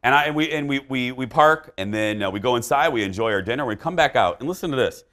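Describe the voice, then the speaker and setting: A man's voice: mid-range voice, expressive, quick pace, a bit bright. A man hosting a talk show, telling a story in casual chat and acting out the dialogue.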